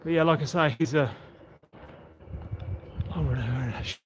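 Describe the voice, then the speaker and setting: Man, walking-stream host, slightly higher voice, jokey and chatty, phone mic with street noise and cars behind. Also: a little fast. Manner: chatty, jokey, greets passersby warmly. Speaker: livestream host. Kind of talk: casual walking livestream chat. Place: outdoors on a coastal town street. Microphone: handheld phone while walking. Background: street ambience and passing vehicles.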